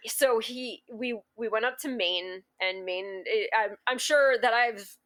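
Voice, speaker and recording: A woman's voice: a little high, takes it slowly, fairly bright tone. A woman guest on a podcast, recounting a personal story in a rambling, emotional way, restarting sentences and laughing often. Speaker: guest cake artist. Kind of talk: casual interview storytelling.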